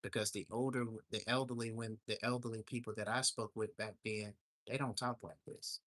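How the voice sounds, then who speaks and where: A man's voice: on the low side, steady tone, fairly quick, a bit bright, no echo. A man hosting a casual livestream, telling a story in an indignant, ranting way. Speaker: livestream host. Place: home in Alaska.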